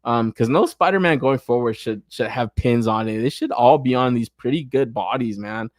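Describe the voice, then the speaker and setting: A man's voice: mid-range voice, moderate pace, dry recording, studio quality. A young man hosting a toy collecting podcast in casual, profane chat, often laughing and ranting. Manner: profane, animated, frequent laughter.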